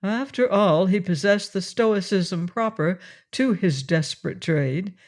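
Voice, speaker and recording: High-voiced male audiobook narrator. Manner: measured, expressive storytelling. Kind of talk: audiobook reading of a classic novel.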